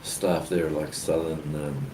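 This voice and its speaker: Rumbling low and steady in tone, an Australian man keeps a measured pace as co-host of a casual chat. He's a rambling storyteller who leans on lots of fillers. The recording uses a distant mic with clear background noise.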